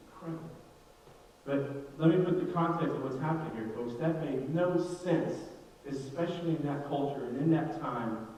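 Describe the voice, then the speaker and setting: A middle-aged man, a pastor preaching a sermon, energetic and joking, speaking straight to his congregation with many restarts. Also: on the high side, normal speed, dull audio, a little hiss or hum. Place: church sanctuary. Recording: echoey hall, mic far off.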